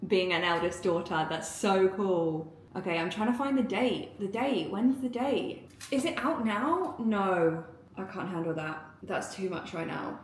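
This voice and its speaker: Giggly woman, casual vlog chat, excitable and rambling, roomy echo, some faint background hum. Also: mid-range voice, unhurried. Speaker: vlogger. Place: indoors at home, getting ready. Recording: echoey room.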